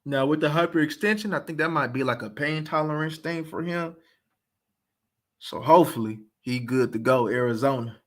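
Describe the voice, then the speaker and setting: Man, sports show host, emphatic casual football talk, fairly high voice. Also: normal speed. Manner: animated, emphatic, repeats points.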